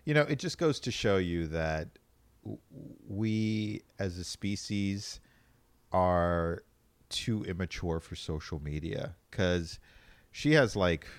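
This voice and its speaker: A man co-hosting a casual podcast chat, telling stories in a rambling, animated way with frequent restarts. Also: low-pitched, slow, no room sound.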